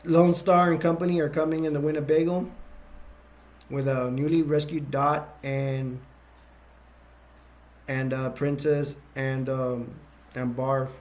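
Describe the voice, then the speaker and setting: A man's voice: a little high, little pitch movement, takes it slowly, pauses often, darkish tone. A man casually retelling a movie's plot in a rambling way, with many restarts and fillers. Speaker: movie reviewer.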